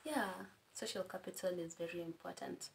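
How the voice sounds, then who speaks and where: Chatting as a guest, a young Kenyan-accented woman gives friendly advice in a casual conversation and laughs at her own anecdotes. Her voice is fairly low and creaky, at a moderate pace, with a little hiss or hum in the recording.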